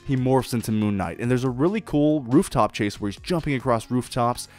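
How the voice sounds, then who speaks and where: A man hosting his own podcast, giving a blunt, profane, excitable solo review and acting out quoted lines. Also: medium pitch, brisk, faint music behind. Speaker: podcast host reviewing shows. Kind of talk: casual solo review monologue.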